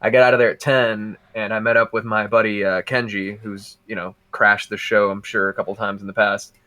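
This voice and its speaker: A man on a podcast casually telling a story, animated and laughing through his own anecdotes. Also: lowish voice, brisk.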